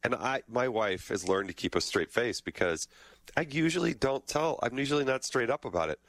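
A man's voice: medium pitch, lively intonation, fairly quick, a bit bright, no room sound. Middle-aged male host, self-deprecating joker, dry studio sound. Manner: jokey, self-deprecating storyteller. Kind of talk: casual interview chat.

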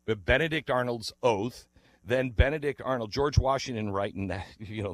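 A middle-aged man telling a casual anecdote in an animated way, acting out the people he quotes. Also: mid-range voice, moderate pace. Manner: animated, acts out quoted voices, laughs while telling. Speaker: storyteller.

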